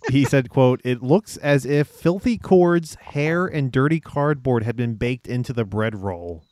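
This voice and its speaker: A man's voice: medium pitch, measured pace, a little mellow. A man hosting a casual podcast, often hesitating with fillers and chuckling while he reads stories. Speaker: podcast host.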